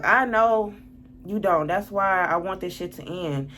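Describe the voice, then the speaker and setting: A woman's voice: lowish voice, a little slow, a bit bright, a little hiss or hum. A woman telling a storytime vlog, reading text messages aloud, blunt and exasperated, swearing often. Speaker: lifestyle vlogger.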